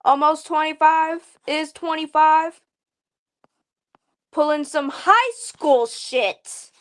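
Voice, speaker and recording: A woman's voice: high-pitched, steady tone, slow, fairly bright tone. A woman on a livestream ranting with scorn and profanity about someone she dislikes. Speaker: stream guest. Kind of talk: angry livestream rant.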